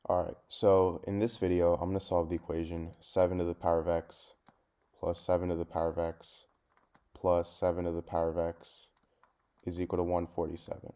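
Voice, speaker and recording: A man with a low voice explains a math problem one step at a time. His tone is mellow and unhurried, and his delivery is plain and methodical, like a tutor talking through a worked example at his desk. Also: completely flat delivery, clean tone.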